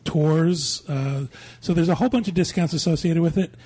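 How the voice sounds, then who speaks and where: A man's voice: on the high side, normal speed, mellow, breathy edge. A man co-hosting a podcast, giving matter-of-fact advice in casual chat. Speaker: podcast co-host.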